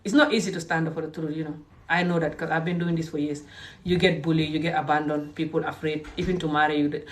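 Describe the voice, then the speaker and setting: A woman's voice: steady tone, fast. Indignant Gambian woman ranting. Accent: Gambian English. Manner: emotional, indignant, swings between shouting and low muttering. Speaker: vlogger. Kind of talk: heated ranting monologue.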